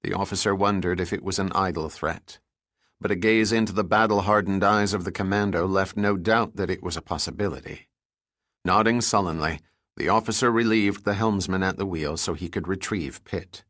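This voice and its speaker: A man narrates a thriller audiobook in a steady, even reading voice. His voice is low and the booth is dry and close. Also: normal speed, no echo. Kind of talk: scripted narration.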